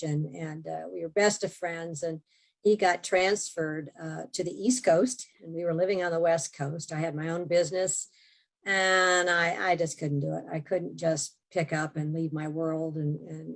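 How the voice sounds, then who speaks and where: Older woman with a gravelly voice. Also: low-pitched. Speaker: guest author. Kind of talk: telling her life story in an interview.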